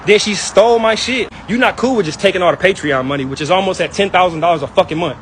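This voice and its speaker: A young man with a high voice rattles through an angry, wounded rant, piling up slang and going back over the same points. He talks fast and is recorded outdoors, with faint street traffic behind him. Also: poor audio. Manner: angry, hurt, repetitive, slangy. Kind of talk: heated personal rant.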